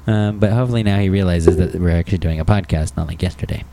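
A man's voice: deep voice, fast, creaky, heavy background noise. A man hosting a podcast in casual chat, playful and laughing often. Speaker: podcast host.

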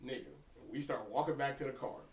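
A young man co-hosting a podcast, telling a story in casual, profane chat with an animated delivery. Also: medium pitch, fairly quick, distant mic, a little hiss or hum. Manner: animated, profane, breaks into laughter. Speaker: podcast co-host. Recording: roomy echo, somewhat off-mic.

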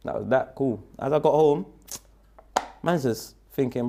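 A man's voice: medium pitch, measured pace, slight background noise. A young man with a London accent, a guest telling a story in a casual interview, rambling and full of street slang. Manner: slangy, rambling, animated when retelling.

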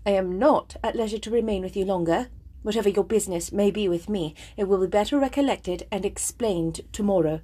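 A woman's voice: medium pitch, a little fast, mellow, husky, natural voice. Woman reading as firm, composed young lady.

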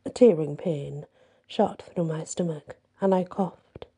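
A woman narrating a first-person horror story in a plain, measured storytelling manner. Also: sits low, warm tone, slightly rough.

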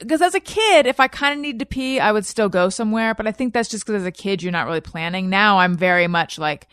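Woman podcast host, thirties, chatty and quick to laugh, close dry sound. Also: medium pitch, expressive, a bit bright, clear, resonant tone, no echo. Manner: chatty, reads listener posts aloud, laughs often. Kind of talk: casual chat.

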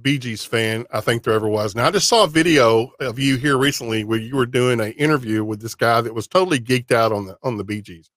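A man's voice: medium pitch, fairly quick, few pauses, a bit bright, dry recording, studio quality. A man from Texas hosting a casual interview, friendly and restarting his words as he talks. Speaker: podcast host.

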